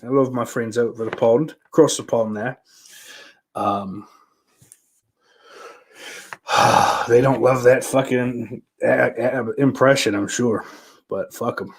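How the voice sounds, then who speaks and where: A man's voice: mid-range voice, steady tone, slow, gravelly, long pauses, husky. Profane rambling male podcast host. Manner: profane, loose and rambling, with sudden loud bursts. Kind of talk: rambling solo podcast chat.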